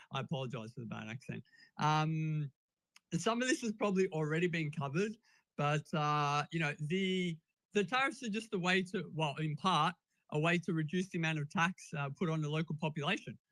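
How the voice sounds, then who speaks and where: A man with an Australian accent speaking as a guest on a live audio chat, measured with hesitant fillers and wry asides. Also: fairly high pitch, fairly bright tone, no echo, low-quality recording. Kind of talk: casual opinion talk.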